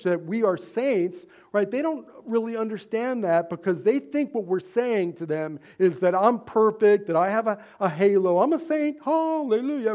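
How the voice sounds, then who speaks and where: A male pastor delivering a sermon in a notably high voice. He preaches in an earnest, conversational way, pausing on fillers and tossing rhetorical questions to the congregation. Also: a little mellow.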